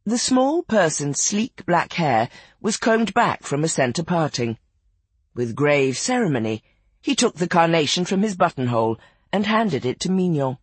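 A narrator reading a literary novel aloud in an expressive, measured audiobook style. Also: medium pitch, husky, dry recording.

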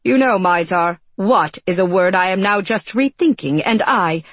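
A man's voice: sits high, lively intonation, moderate pace, a bit bright, no room sound. A woman reading a storybook voices a gloomy, despairing male court astronomer who talks to his servant with exasperation and scorn. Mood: exasperated.

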